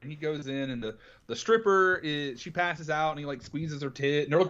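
A man's voice: on the high side, brisk, a bit bright. Guy on a podcast recapping a movie, jumps into characters' lines, bit dull lo-fi sound. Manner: retells scenes animatedly, acting out lines. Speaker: podcast co-host. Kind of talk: casual film discussion.

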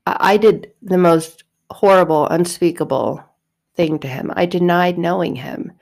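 A woman's voice: lowish voice, measured pace, vocal fry, a little mellow. A woman doing a stammering, guilt-ridden disciple. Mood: ashamed. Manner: stammering, self-reproaching. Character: guilt-stricken, disbelieving male disciple.

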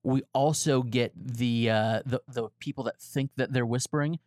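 A man's voice: mid-range voice, steady tone, moderate pace, darkish tone, no echo, studio quality. A man in his forties from Florida, co-hosting a casual church podcast, telling stories and laughing often. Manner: chatty storyteller, laughs often. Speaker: podcast co-host, pastor. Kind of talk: casual chat.

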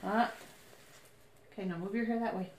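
A woman in her thirties, hosting a casual chat and telling animated family stories while laughing often. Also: medium pitch, normal speed, a little hiss or hum. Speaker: podcast host.

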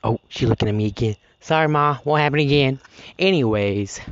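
A teenage high school student ranting casually on a podcast, profane and dramatic. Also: brisk, no room sound, muffled recording. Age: teens. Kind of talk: casual rant.

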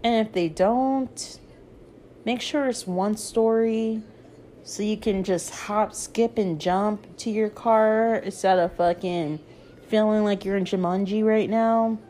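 A young woman drawls through a casual storytime, swearing freely and padding her lines with "like". She takes her time over each phrase, at a middle pitch, with a faint hiss of background noise behind her. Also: steady tone, slow pace, warm tone. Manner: profane, chatty, full of "like". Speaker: vlogger.

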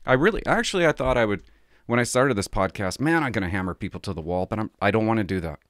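Speaking fast in a fairly low voice, a middle-aged ex-police officer from Canada rambles and laughs while telling stories on his podcast, keeping it casual and confiding. The audio is studio quality with no echo.

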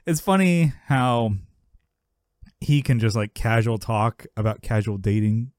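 Male podcast co-host, casual and animated, frequent laughs, mid-pitched, dry close sound. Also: unhurried, no echo. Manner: animated, laughs often, acts out characters in a high yelling voice. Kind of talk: casual chat recapping a sitcom episode.

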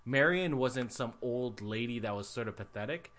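A young man in casual podcast chat about films, animated, laughing often and trailing off mid-sentence. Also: mid-range voice, moderate pace.

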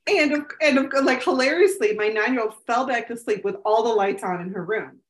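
A woman in her thirties co-hosting a podcast, her voice sitting high and bright as she rambles through an animated story, leaning on fillers at every turn. The recording carries a noticeable echo from the room around her. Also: brisk, background noise. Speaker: podcast co-host. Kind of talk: casual chat. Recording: echoey room.

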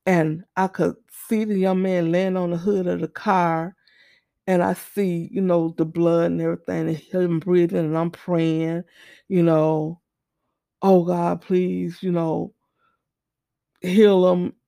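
A middle-aged woman telling a personal testimony story, animated, acting out the dialogue as she goes. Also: lowish voice, measured pace, vocal fry, no room sound, clean studio sound.

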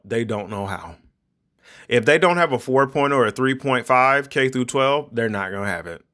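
Middle-aged male podcast host, mid-pitched, loose and rambling, lectures parents like a preacher. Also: bright, forceful tone. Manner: rambling, conversational, preachy advice. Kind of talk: casual monologue podcast.

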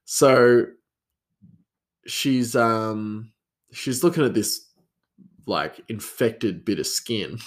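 A man with a slightly low voice tells a story from his own life. He rambles along casually, circling back with fillers and restarts.

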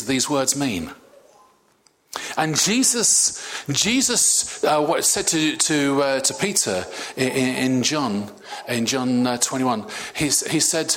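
A man preaching a sermon, animated, with many stammered restarts. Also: mid-range voice.

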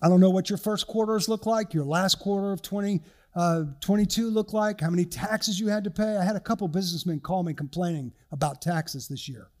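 A man's voice: sits high, a little fast, a little mellow. An older male pastor delivering an earnest, conversational sermon with personal stories.

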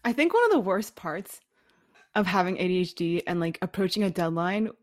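Young woman, podcast co-host, quick profane storyteller, dry close recording. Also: lowish voice, sing-song, no echo. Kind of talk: casual podcast chat.

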